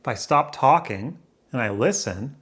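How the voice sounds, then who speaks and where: Indoors beside a window, a man vlogs to a camera pointed his way, thinking aloud and doubting himself in a loose, casual monologue. His medium-pitched voice is animated and husky yet fairly bright, at a measured pace.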